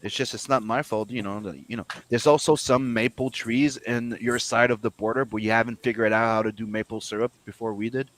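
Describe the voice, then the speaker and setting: A man's voice: medium pitch, fairly even intonation, brisk, hardly any pauses, fairly bright tone, rough recording. A man chatting casually with friends, rambling and swearing, with lots of fillers and restarts. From Canada. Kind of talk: casual chat among friends.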